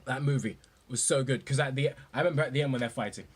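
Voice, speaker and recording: A young man gushing about movies in a profane, rambling, excited rant. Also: medium pitch, fast talker, husky. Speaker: vlogger.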